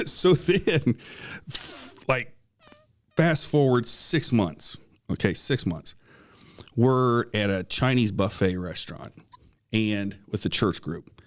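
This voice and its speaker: This podcast co-host speaks slowly with long pauses, his lowish voice expressive as he tells a personal ghost story. The delivery is earnest and casual, with many restarts and a cough now and again.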